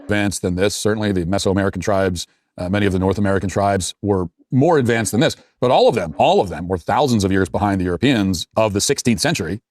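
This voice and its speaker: A man making a measured argument in a calm, lecturing manner. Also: lowish voice, no echo, studio quality. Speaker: commentator in a played clip.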